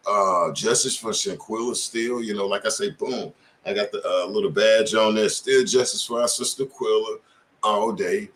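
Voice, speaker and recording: A man's voice: on the low side, steady tone, normal speed, fairly bright tone, a little hiss or hum. A middle-aged man hosting his channel, giving casual commentary in informal street talk and firing off pointed questions. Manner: impassioned, asks many pointed questions. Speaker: channel host.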